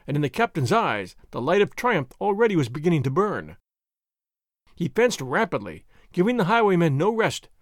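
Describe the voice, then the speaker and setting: A man narrating a classic adventure novel in expressive, scripted storytelling style. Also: on the high side, dry recording, studio quality. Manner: expressive storytelling, varied characters. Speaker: audiobook narrator.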